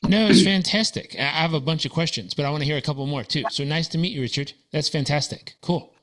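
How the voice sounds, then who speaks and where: Man guest coach, friendly and relaxed, a bit halting, video call. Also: a little high. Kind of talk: casual chat on a video call.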